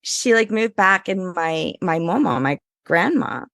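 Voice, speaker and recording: Animated woman, creaky voice. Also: lowish voice, unhurried, dry recording, clean studio sound. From Louisiana. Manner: animated, full of "like", acts out voices in her story. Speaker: guest. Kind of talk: casual interview storytelling.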